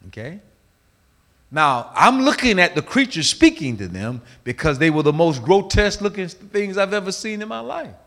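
A male preacher delivering a sermon with a bright, forceful voice. His pitch leaps around with animated energy, and his delivery moves between hushed, drawn-out phrases and loud, driving ones. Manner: dramatic storytelling, swinging between hushed and loud.

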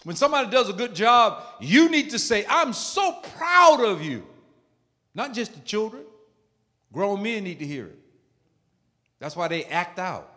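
A man preaching a sermon in a church, emphatic, swinging from soft quoted words to shouted exhortation. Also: high voice, expressive, normal speed, long pauses. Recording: long reverb of a large hall.

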